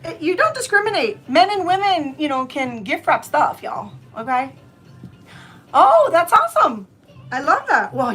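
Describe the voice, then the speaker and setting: A high-pitched woman in her fifties from Florida leads a live gift-wrapping lesson. She talks to her viewers in a loose, chatty way, calls them y'all, and keeps wandering from the task. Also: a bit bright. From Tampa area, Florida, US. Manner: chatty and digressive, often addresses viewers as y'all. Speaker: craft channel host.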